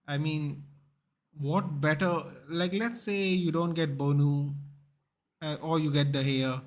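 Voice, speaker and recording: A man's voice: a little high, slow pace. Chatty young man streaming a football match. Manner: animated, chatty, reacts to the game and reads chat. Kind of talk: live casual football commentary.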